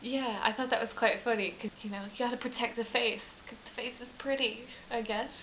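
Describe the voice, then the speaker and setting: A woman vlogger chatting casually about a film she reviews, animated and rambling, often correcting herself mid-sentence. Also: on the high side, a little fast. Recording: roomy, dull lo-fi webcam audio with faint hiss.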